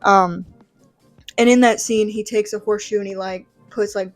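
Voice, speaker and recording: A woman's voice: mid-range voice, steady tone, normal speed, no echo, faint music behind. A young adult woman casually breaking down a comic book. She rambles and talks in a chatty way, full of fillers and "like.". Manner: enthusiastic and chatty.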